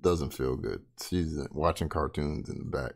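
A man's voice: extremely low pitch, animated, measured pace, creaky. A man giving blunt, sarcastic casual commentary, swearing freely and keeping his voice down. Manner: talks softly. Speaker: reaction commentator.

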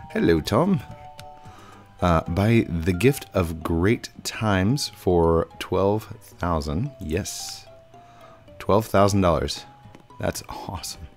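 A young man hosting a gaming video, chatting casually over his gameplay with frequent ums and uhs. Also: low-pitched. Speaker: gaming channel host.

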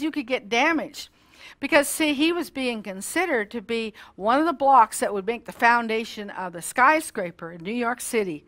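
High-voiced woman telling a children's sermon. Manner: expressive, addresses listeners directly. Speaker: children's ministry teacher.

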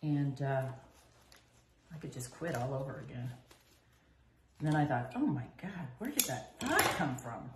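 A woman's voice: rumbling low, a little slow, long pauses, reverberant, a little hiss or hum. A middle-aged woman candidly telling her own recovery story and acting out the people she quotes. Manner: candid, animated, quoting others in dialogue. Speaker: recovery vlogger. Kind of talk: personal storytelling monologue.

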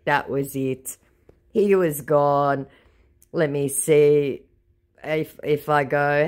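A woman's voice: low-pitched, steady tone, very slow, long pauses, a little mellow. A woman retelling her chats with scammers in a sarcastic, mocking way. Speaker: scam-baiting content creator. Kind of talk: storytelling vlog.

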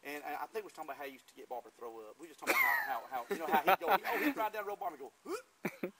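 A man at a family gathering telling stories in an animated, stumbling way, repeating words, recorded on a home camcorder. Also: fairly high pitch, rapid-fire, very noisy. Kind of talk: casual storytelling.

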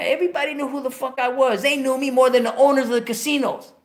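A man hosting a show, telling a long profane story and breaking into high yelps of disbelief. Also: fairly even intonation, quick pace, few pauses. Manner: swears constantly, bursts into high yelps of disbelief. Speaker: show host.

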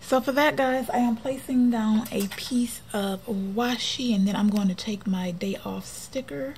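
A woman chatting casually while decorating her planner for a vlog, often dropping to a soft near-whisper. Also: fairly high pitch, measured pace, slight background noise. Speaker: planner vlogger.

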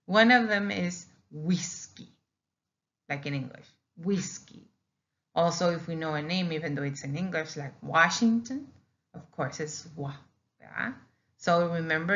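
Slow, low-pitched woman teacher. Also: lively intonation, a bit bright. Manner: slow, drills syllables with many "okay?" checks. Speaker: Spanish teacher. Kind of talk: recorded slideshow lesson. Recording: dull lo-fi audio.

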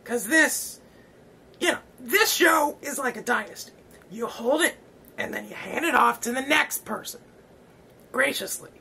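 A man's voice: very high voice, measured pace, creaky, long pauses, pushed and bright, a little hiss or hum. A man hosting a comedy vlog, giving a rambling, self-important farewell speech and then interviewing a guest. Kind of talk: mock-solemn comedy monologue.

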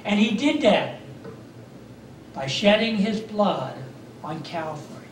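A man's voice: high-pitched, animated, slow, a little hiss or hum. A man preaching a sermon in a church sanctuary, telling the story with fervent, repeated phrases. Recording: echoey church hall from far off.

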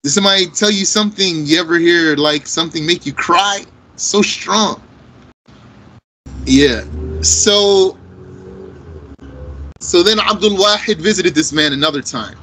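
Male religious teacher, measured lesson delivery, bright tone, faint background noise. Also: sits high, rough recording. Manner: explains Arabic texts line by line in English, slow and deliberate.

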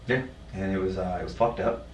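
A man telling a personal story in a podcast conversation, blunt and profane, halting with many fillers. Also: deep voice, steady tone, a little hiss or hum. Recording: roomy sound from a distant mic.

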